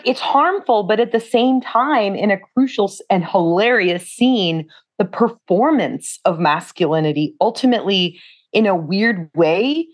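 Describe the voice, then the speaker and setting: Chatty woman retelling a film scene. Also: medium pitch. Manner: chatty, animated retelling with acted-out quotes. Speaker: podcast co-host. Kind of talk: casual film discussion.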